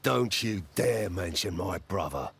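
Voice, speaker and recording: Gruff, bitter gang criminal for a game: gravelly, snarling, full of contempt, up-and-down delivery. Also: male voice, sits low, animated, unhurried, fairly bright tone, heavily acted. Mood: furious. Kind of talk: video game voice acting.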